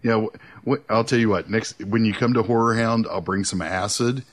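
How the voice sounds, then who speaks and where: A man's voice: lowish voice, fairly even intonation, normal speed. A middle-aged man co-hosting a podcast in casual banter, rambling and stammering through crude jokes. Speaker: podcast co-host.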